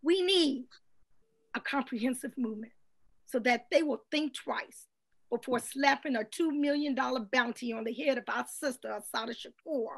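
A woman preaching a rousing sermon over a video call, building to shouted call-and-response. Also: high voice, moderate pace. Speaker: guest minister.

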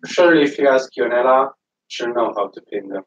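A man, a painter, talking in a soft, hesitant way during a casual chat. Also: medium pitch, brisk, reverberant, dull audio, a little hiss or hum.

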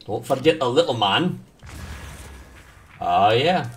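Live-streaming a video game, this man chats casually with viewers, joking with them and swearing often. He's animated, with a medium-pitched voice and a slow pace.

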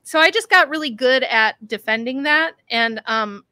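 A woman author, a guest on a remote call, talking in a chatty, animated way in casual conversation. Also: sits high, moderate pace, clean tone, no room sound.

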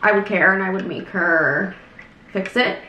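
A woman in her twenties chatting casually on a vlog, telling stories in a lively way and acting out what others said. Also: mid-range voice, unhurried, lo-fi sound. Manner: chatty, animated retelling with acted quotes. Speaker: vlogger. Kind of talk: casual storytelling chat. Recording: echoey room, faint noise.

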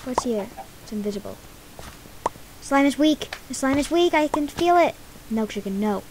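High, lively woman gaming with clicking noise. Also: moderate pace. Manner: excitable, talks to game creatures, bursts of cries. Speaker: gamer playing a minigame server. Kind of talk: live gameplay commentary.

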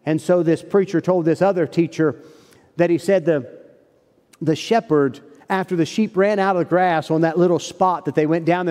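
Preacher guy, mellow warm voice, folksy storytelling, long church reverb. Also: a little high. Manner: earnest storytelling, folksy phrasing. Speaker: pastor. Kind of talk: sermon. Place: church sanctuary.

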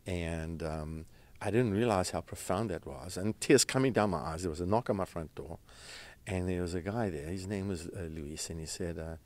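A man, a restaurant founder, telling his story in an interview in an earnest, halting way, with fillers and restarts. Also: sits low, darkish tone, no room sound. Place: red carpet event.

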